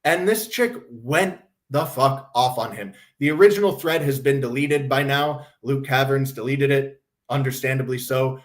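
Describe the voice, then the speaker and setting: A man's voice: medium pitch, moderate pace, hardly any pauses. A man hosting a casual commentary stream, talking bluntly with a sardonic, profane edge. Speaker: host.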